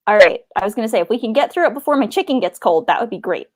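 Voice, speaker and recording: A woman's voice: a little high, expressive, very fast. A woman co-hosting a podcast in casual chat, joking and laughing often. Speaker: podcast co-host.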